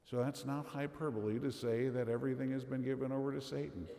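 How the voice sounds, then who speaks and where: Man preaching a homily, gravelly, mellow tone, measured and earnest, church reverb. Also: medium pitch, fairly even intonation. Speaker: Catholic priest. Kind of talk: homily at Mass. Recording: echoey church with long reverb.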